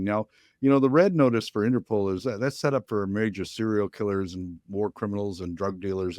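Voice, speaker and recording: A man's voice: on the low side, darkish tone, dry recording, clean studio sound. An older man answering interview questions as a guest, firm and plain-spoken. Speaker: guest, ocean activist.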